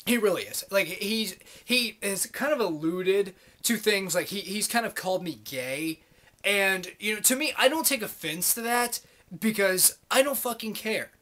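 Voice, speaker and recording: Late 20s guy venting on his vlog, cursing nonstop, bright high voice. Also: expressive, unhurried. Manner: profane, rambling, heated. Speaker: vlogger. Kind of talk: ranting monologue to camera.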